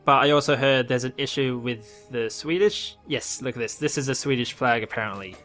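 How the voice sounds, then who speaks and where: A man's voice: mid-range voice, a little fast, a bit bright, faint music behind. An Australian man casually commenting on a game update, rambling and correcting himself as he goes. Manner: rambling, self-correcting, offhand. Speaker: gaming video host.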